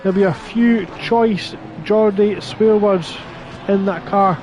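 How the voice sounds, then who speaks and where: High-voiced man calling a sim race. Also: fairly even intonation, slow, darkish tone, a little hiss or hum. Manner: chatty, reads stream chat aloud between race calls. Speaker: sim racing commentator. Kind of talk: live race commentary.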